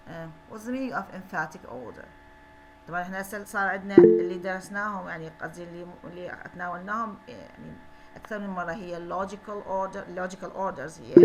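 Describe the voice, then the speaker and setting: Woman, iraqi arabic accent, brisk classroom lecture, asks questions again and again. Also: fairly low pitch. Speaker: university English teacher.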